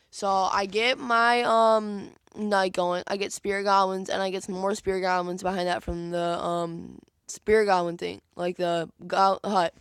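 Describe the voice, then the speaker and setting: A man's voice: sits high, fairly bright tone, clean tone, no echo. A young man giving casual commentary on his own gameplay, rambling and acting out his own thoughts in quotes with many fillers. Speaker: gaming video creator.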